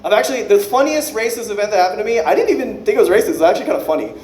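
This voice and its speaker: High, lively man rambling on stage. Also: reverberant, a little hiss or hum. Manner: rambling, profane, with quick self-correcting asides. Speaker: stand-up comedian. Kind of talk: unrehearsed stand-up set.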